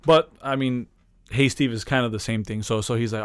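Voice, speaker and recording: A man's voice: medium pitch, steady tone, fairly quick, clear, resonant tone, dry recording. A man co-hosting a podcast in casual chat, retelling a story with lots of restarts, fillers and profane slang. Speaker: podcast co-host.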